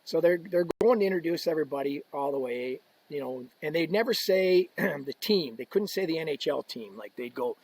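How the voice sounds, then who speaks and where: A man's voice: fairly high pitch, a little fast, few pauses, slightly rough. A man, a podcast guest, telling a long story in casual conversation, acting out the quotes of people in it and laughing along. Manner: animated anecdote telling, acts out quotes, laughs, swears. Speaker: podcast guest, equipment ambassador.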